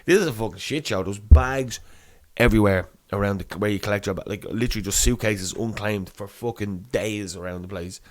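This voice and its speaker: A man's voice: lowish voice, fairly quick. A young man, telling a rambling story on a podcast, swearing and laughing as he goes. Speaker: podcast co-host. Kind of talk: casual chat, storytelling.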